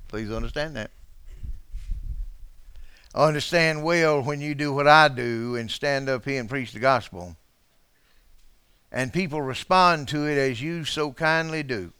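A pastor preaching a dramatic sermon to his church, dropping to a hush and then rising to shouts, calling out to people in the pews. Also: mid-range voice, unhurried, pauses often, smooth, no echo. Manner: calls out to congregation members.

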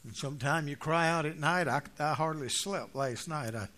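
An older man preaching a folksy sermon, telling stories and jokes, dropping to quiet asides and rising to loud emphatic points. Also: fairly high pitch, normal speed, a little hiss or hum.

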